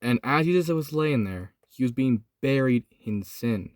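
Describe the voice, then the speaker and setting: A young man recording in his van, casually retelling a Bible story, swinging from excited to hushed and solemn. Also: medium pitch, unhurried, few pauses, dry recording, clean studio sound. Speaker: host. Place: inside a van.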